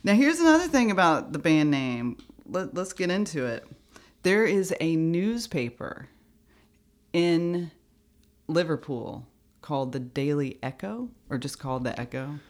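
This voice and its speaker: A woman co-hosting a podcast speaks at an unhurried pace in loose, casual chat. She laughs easily and leans into quoted passages with relish. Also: low-pitched, sing-song. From United States. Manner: chatty, laughs often, reads quotes aloud with emphasis. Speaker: podcast co-host.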